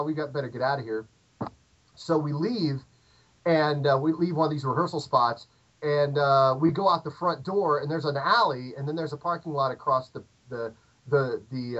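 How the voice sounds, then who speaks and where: A middle-aged American man telling a long, animated anecdote in casual chat, with lots of fillers and restarts. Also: a little high, moderate pace. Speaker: podcast guest. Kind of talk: casual storytelling. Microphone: remote call audio. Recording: dull lo-fi call audio.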